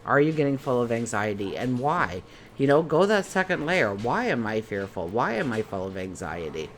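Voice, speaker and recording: A woman's voice: a bass voice, big pitch swings, moderate pace, slight background noise. A woman giving a casual daily tarot reading in a chatty way, asking many rhetorical questions. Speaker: tarot reader.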